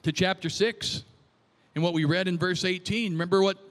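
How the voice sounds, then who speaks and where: A man preaching a sermon and reading scripture, swinging between shouted passages and hushed, quiet ones. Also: high voice, fairly even intonation, normal speed, long reverb tail.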